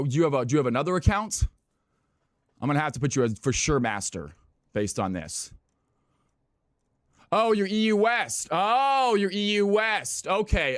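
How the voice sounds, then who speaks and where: Speaking fast and breathlessly, a man from California sets up games for viewers on his live stream, excited and repeating himself. He sounds on the high side for a man, and the audio is dry and close, with no room around it and no echo.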